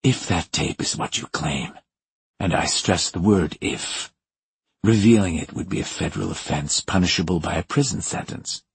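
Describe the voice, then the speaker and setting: Menacing, clipped heavy, low and husky, a male narrator doing him. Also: moderate pace, dry recording, full character voice. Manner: low, harsh, through gritted teeth. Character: cornered middle-aged man, menacing and smug. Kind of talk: audiobook character voice.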